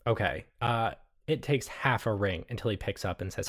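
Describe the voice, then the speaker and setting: A man's voice: on the low side, moderate pace, a bit bright. A man narrating a tabletop game as game master, casual and hesitant with many fillers.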